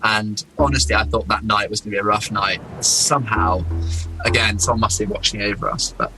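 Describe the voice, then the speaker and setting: A young man from England, an explorer, telling his own story in a casual, animated way, laughing as he goes. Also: lowish voice, faint music behind, low-quality recording. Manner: animated, laughing, doing quick impressions of people.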